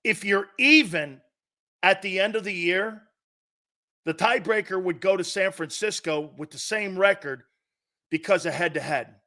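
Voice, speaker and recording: Speaking a little slowly, a middle-aged sports talk host launches into a heated, profanity-laced rant about his opinions. Loud blasts give way to low, intense asides, and he hammers points by repeating lines.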